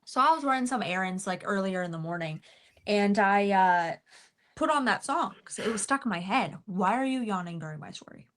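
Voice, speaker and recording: Female co-host, mid-pitched, chatty and filler-prone. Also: expressive, fairly quick, a bit bright. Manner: chatty, filler-heavy, many "anywho" and "um". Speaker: podcast co-host. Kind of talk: casual chat.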